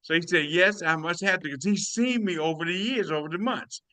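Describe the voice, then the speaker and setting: An older man giving an excited personal testimony on a video call, animated and preachy, talking to listeners as y'all. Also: high-pitched, a little fast, dry recording. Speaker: testimonial speaker.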